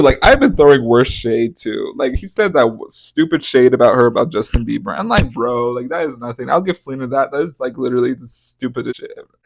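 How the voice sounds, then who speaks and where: A man's voice: mid-range voice, vocal fry, no echo. A young man hosting a podcast, giving casual, profane celebrity gossip commentary with dramatic, exaggerated outbursts. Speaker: podcast host.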